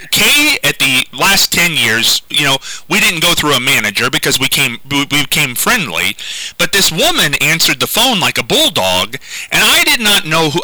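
A man hosting a radio show, chatting and laughing with his guest. His voice is very bright and swings widely in pitch. It sounds close and dry in the studio. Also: dry recording, low-quality recording. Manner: lively, quick to laugh, chatty storyteller. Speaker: radio host. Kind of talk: casual radio chat.

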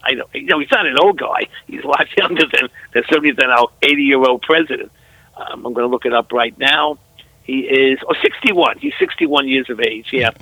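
A man's voice: mid-range voice, sing-song, fairly quick, bright, forceful tone, breathy edge, dry recording, low-quality recording. An older man talking as a guest commentator on a radio show, earnest and rambling, his voice jumping up when he stresses a point. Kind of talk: phone-in radio talk.

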